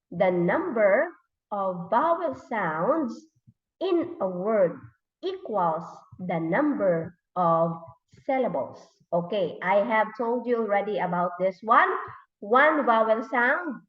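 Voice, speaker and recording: A woman teaching an English lesson with a Thai accent, explaining slowly and checking often that students follow. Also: on the high side. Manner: slow, drawn-out explanations with repeated checks. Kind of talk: classroom lesson. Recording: echoey room, far from mic, dull lo-fi.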